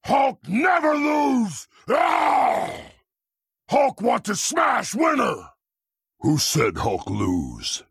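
Hulk, a gravelly roaring brute. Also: male voice, very high-pitched, wildly swooping pitch, extremely slow, a bit bright, dry recording, shouting, clean studio sound, heavily acted. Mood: angry roaring. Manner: blunt broken third-person speech. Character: huge green rage-filled male brute. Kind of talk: video game voice lines.

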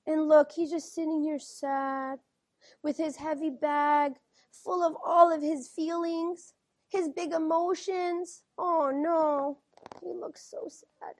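High-voiced woman teacher reading to kids. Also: steady tone, slow pace, dry recording, studio quality. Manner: gentle, questioning, keeps checking in with the kids. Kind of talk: reading a picture book aloud to children.

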